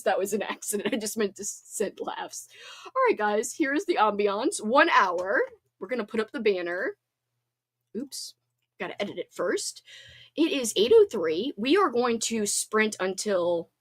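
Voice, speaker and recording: A high-voiced woman hosting a laid-back livestream, reading her viewers' comments aloud. She is giggly and playful, tossing out mock threats between fits of laughter. Her voice swoops all over, and the sound is close and dry with no room echo. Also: a bit bright. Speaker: livestream host.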